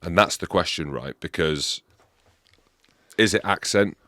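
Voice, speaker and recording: A man's voice: deep voice, measured pace, sharp tone, dry recording, clean studio sound. A man hosting a podcast in casual chat, leading with emphatic questions. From England. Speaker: podcast host.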